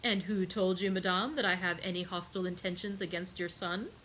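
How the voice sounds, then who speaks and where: Woman voicing an icy aristocratic count, calm, measured, slow, even-pitched, novel reading. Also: a little hiss or hum, close to an everyday voice, poor audio. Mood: cold. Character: vengeful cold aristocratic count, a man.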